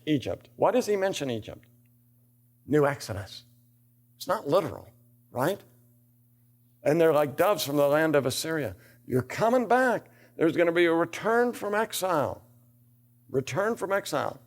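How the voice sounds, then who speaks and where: Older guy teaching a bible class, fairly high voice, keeps asking the room questions and gets emphatic. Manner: reads scripture aloud, asks the class rhetorical questions. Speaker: theology lecturer. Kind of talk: classroom lecture.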